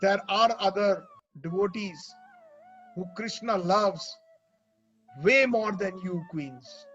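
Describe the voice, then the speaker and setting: High-pitched guy telling a devotional story, emotional, dull audio w faint music. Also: takes it slowly, fairly bright tone. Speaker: religious storyteller.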